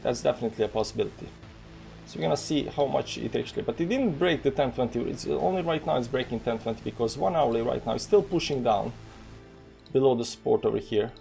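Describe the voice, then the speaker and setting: A man's voice: mid-range voice, lively intonation, fast, vocal fry, dark tone, faint music behind. A man from the former Yugoslavia with a Balkan accent, giving casual live crypto trading commentary in a rambling way, full of fillers and read-out numbers.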